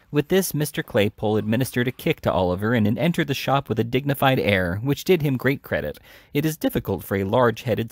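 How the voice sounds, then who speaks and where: Man reading a classic novel aloud, measured pace, low voice, dry close sound. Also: no echo. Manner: measured, deliberate reading with occasional restarts. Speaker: audiobook reader.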